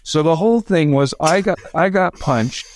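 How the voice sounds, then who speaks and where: A man, a stand-up comedian, chatting casually on a podcast in a rambling, animated way with frequent restarts. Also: a little high, normal speed, slight background noise.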